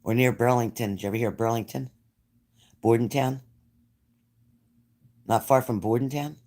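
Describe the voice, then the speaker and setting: Speaking at a moderate pace, this livestream host has a steady, mid-range voice that's a little mellow. The New Jersey man keeps up casual chat, reading viewer comments and replying.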